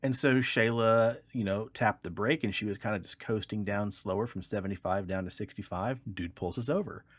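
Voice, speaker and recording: Man from Kansas, podcast co-host. Casual, profane storyteller with a lowish voice, dry close mic. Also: fairly quick, few pauses, no room sound. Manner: animated storyteller, swears freely. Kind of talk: casual chat.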